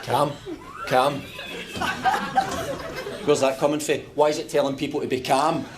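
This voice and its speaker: An actor with a Scottish accent playing a short-tempered man stuck in a lift, exasperated and quick to insult. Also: mid-range voice, steady tone, crowd noise, close to an everyday voice. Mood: fed up. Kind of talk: sketch comedy acting.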